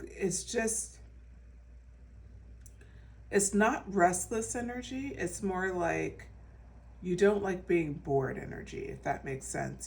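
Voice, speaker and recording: Woman tarot reader, casual and reassuring, slightly low voice, mic set back a bit. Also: gravelly, a little mellow, recorded from a distance. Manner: chatty and reassuring, full of fillers and restarts. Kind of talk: casual pick-a-card tarot reading.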